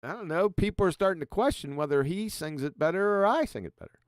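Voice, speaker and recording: A man's voice: high voice, expressive, fast talker, clear, resonant tone, dry recording, clean studio sound. A man hosting a livestream panel in easygoing casual chat, chuckling often and restarting his sentences. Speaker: livestream host.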